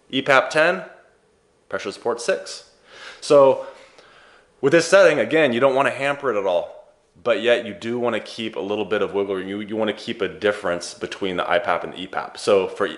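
A man with a deep, low voice hosts an advice channel and walks viewers through the material. His talk is casual and chatty, and he drops in playful joking asides as he explains. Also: a bit bright. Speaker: host of a sleep therapy advice channel.

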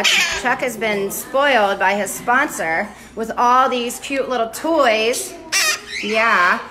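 Holding her phone, a woman streams live from an indoor bird rescue room as she tends to parrots. She alternates between talking to viewers and addressing the birds in a high, sing-song baby voice, while loud squawks and chatter from the parrots dominate the background.

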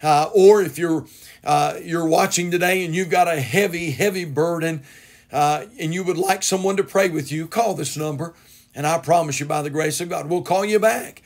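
Brief: pastor on a church broadcast, high tenor, fervent and folksy storytelling. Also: male voice, moderate pace. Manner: fervent, folksy, repeats for emphasis. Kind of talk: sermon.

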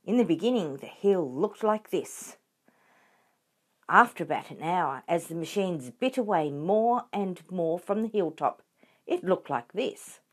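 Lady reading a kids' book out loud, lowish voice, expressive. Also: a little slow, breathy edge. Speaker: storyteller for children. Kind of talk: reading a children's book aloud.

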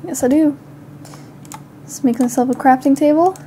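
The high-pitched, dark-toned voice of a young female gaming channel host moves at a normal speed against slight background noise. Mildly sick and coughing from time to time, she keeps up casual commentary on her game, talking to herself and letting out panicked shouts.

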